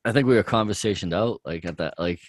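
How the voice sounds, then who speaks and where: A man's voice: fairly low pitch, fast. A man co-hosting a podcast, chatting in a laid-back, gushing way with many filler words. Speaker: podcast co-host. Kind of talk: casual chat.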